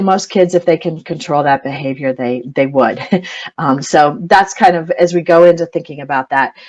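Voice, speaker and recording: A middle-aged woman gives an educational webinar as a parent coach. She talks in a chatty, informal way, scattering ums and small laughs through her points. Her voice sits a bit low for a woman. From United States.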